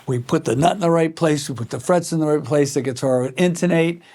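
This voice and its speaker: An older man being interviewed about building guitars, telling stories in a lively way and acting out the people he quotes. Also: fairly high pitch, fast talker. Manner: animated anecdotes, acts out quoted voices. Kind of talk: conversational storytelling.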